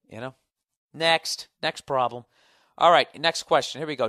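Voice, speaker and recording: A man's voice: mid-range voice, normal speed, bright, forceful tone, no room sound. Profane ranting man, dry close sound. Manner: profane, ranting, reads listener letters aloud. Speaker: podcast host. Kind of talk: casual solo podcast rant.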